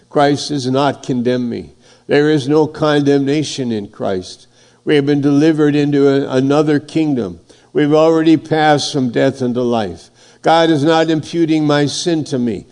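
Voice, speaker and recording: A man's voice: on the high side, a little mellow. A man preaching a sermon, reading scripture and building emphasis, his voice rising and falling. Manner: slow, emphatic preaching, voice swelling and dropping.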